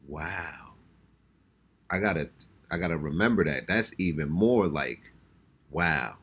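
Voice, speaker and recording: A man's voice: deep voice, expressive, slow, long pauses, fairly bright tone, husky. An American man hosting a reaction channel, talking casually and exclaiming as he reacts, often repeating himself. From United States. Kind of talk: casual music reaction commentary.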